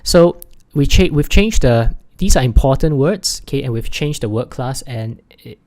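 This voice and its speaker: A man teaching an English exam lesson over slides, halting often with fillers and restarts, and leaning hard on key words. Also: mid-range voice, lively intonation, a little mellow. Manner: stresses key words by raising his voice.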